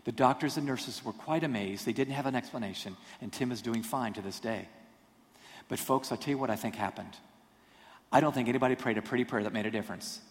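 A man preaching a storytelling sermon, animated and self-deprecating in his humor. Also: mid-range voice, fast. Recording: long hall reverb.

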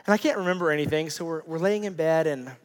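A man delivers a sermon in a relaxed, conversational manner, with plenty of "like" and "you know" as he tells stories. His voice sits a little high for a man. It rings out with the long reverb of a large church hall. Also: fast. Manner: conversational, animated storytelling with many fillers. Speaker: pastor.

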